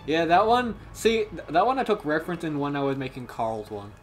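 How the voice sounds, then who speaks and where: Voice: medium pitch, very animated, brisk, music in the background. A gamer in a co-op let's play, chatting casually in a rambling, self-mocking way that trails off. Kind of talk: casual gaming chat.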